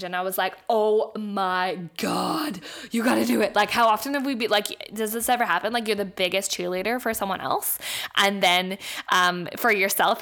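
A woman's voice: mid-range voice, fairly bright tone. Young woman, podcast host, storytelling, laughing often, casual swearing. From Canada. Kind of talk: personal storytelling.

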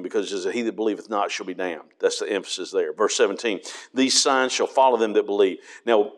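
Low-voiced man teaching a Bible study. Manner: conversational, reads scripture aloud with frequent fillers. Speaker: pastor.

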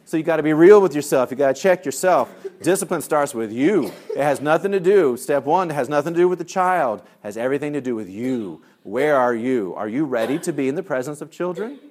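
A male discipline trainer giving a lively workshop talk, telling stories, acting out voices and laughing at his own jokes. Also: a little high, brisk, hardly any pauses. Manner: lively storyteller who acts out voices.

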